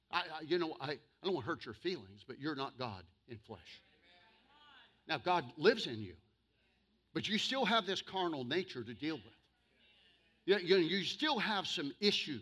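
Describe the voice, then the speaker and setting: A male pastor preaching to his church, humorous, with sudden loud bursts and slow, emphatic stretches. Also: fairly high pitch. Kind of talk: sermon.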